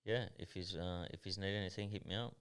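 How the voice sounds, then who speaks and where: A man's voice: deep voice, fast talker, clean tone. An Australian man in his thirties, a boxer talking in a casual podcast interview, blunt and swearing freely. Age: 30s. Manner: blunt and swearing, animated storytelling. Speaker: professional boxer guest.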